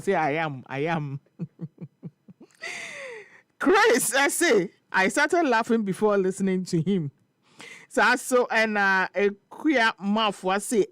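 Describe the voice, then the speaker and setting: A Ghanaian man hosting a morning radio show, telling a story and reading listener comments in an animated, laughing way. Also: high voice, smooth, no echo, studio quality. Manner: animated, laughing storyteller mixing Twi and English. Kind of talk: casual chat reading social media comments. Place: radio studio.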